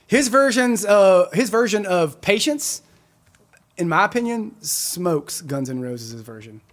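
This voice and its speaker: A man's voice: high voice, lively intonation, takes it slowly. A man in his forties, a musician hosting a live stream, chatting casually and rambling as he reads out viewer comments. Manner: chatty, rambling, self-correcting.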